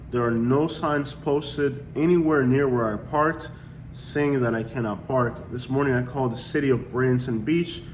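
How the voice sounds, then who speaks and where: A man's voice: mid-range voice, a little hiss or hum. A man who runs a YouTube channel, talking casually to his viewers in an indignant, complaining way. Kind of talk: casual vlog.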